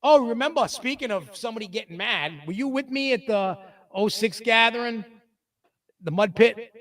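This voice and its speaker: A man's voice: normal speed, distant mic. A man hosting a podcast, telling stories in casual chat and acting out the people he quotes. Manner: animated storyteller, acts out quotes in a lower voice. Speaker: podcast host.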